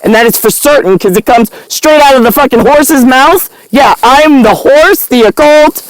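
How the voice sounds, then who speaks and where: High, smooth-voiced woman ranting angrily, rambling and profane, dry close sound. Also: normal speed, no echo, low-quality recording. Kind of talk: rambling monologue rant.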